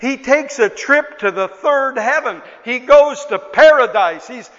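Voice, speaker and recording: A man's voice: very high voice, expressive, unhurried. Impassioned older male preacher in a hall. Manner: impassioned storytelling, rising to near-shouts. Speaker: pastor. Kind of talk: sermon. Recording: echoey hall, dull lo-fi sound.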